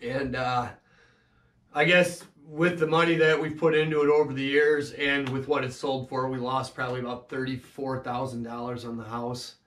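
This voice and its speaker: A man telling his own life story in a halting, emotional way, full of restarts and fillers. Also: mid-range voice, flat delivery, a bit bright, reverberant, recorded from a distance. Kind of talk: personal storytelling monologue.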